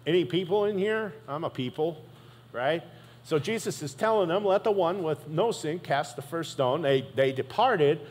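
A man preaching a sermon as pastor, talking conversationally and often checking in with the congregation by asking "right?". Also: high-pitched. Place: church sanctuary. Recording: long hall reverb.

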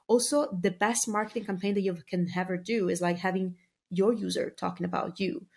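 A woman's voice: medium pitch, steady tone, fairly quick, creaky, a little mellow, slightly rough. A woman speaking as a marketing guest on a podcast, talking in a chatty, filler-heavy casual way and laughing easily. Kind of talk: casual interview talk.

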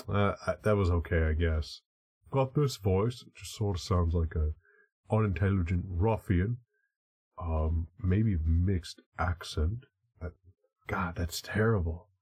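Deep-voiced wry male podcast co-host. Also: a little slow, a little mellow, husky. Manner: wry, amused, self-deprecating. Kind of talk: casual chat.

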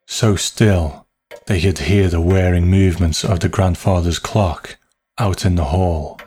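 A man narrating a story in a slow, measured, hushed way. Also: low-pitched, steady tone, a little hiss or hum.

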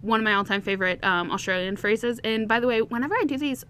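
A woman's voice: a little high, fairly even intonation, fast talker, sharp tone, a little hiss or hum. A woman hosting a podcast, recapping a romance novel chapter by chapter in a chatty, candid way, laughing now and then. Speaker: podcast host. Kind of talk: casual book recap.

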